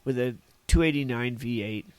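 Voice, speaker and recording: A man in his sixties from Northern California, reminiscing as a podcast guest. His voice sits at an ordinary middle pitch and is recorded dry and close. He wanders through his stories with folksy asides and chuckles at his own tales. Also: moderate pace, a little mellow, clear, resonant tone, dry recording. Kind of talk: casual reminiscing storytelling.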